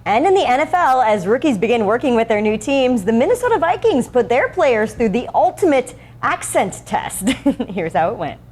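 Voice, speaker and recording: Expressive woman TV co-host. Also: a little high, moderate pace, hardly any pauses, slight background noise. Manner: bright, expressive, laughing easily. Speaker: local TV show co-host. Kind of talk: casual TV chat.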